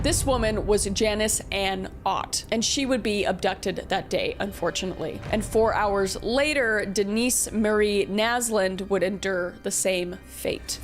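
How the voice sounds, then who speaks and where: A woman telling a true crime story in a casual, chatty way, with swearing and filler-heavy asides. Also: medium pitch.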